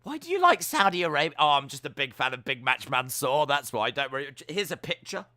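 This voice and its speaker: British man, stream host, jokey chat, bright tone, dry sound. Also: on the high side, a little fast, no room sound. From United Kingdom. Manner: jokey, teasing, deadpan banter. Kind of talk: casual chat reading viewer comments.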